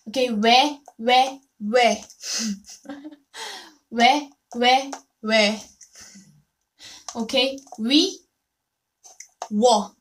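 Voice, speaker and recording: A Korean woman teaching a live online language lesson, drilling syllables slowly and cheering on her students. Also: fairly high pitch, a bit bright. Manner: slow, drawn-out syllable drills, cheerful praise.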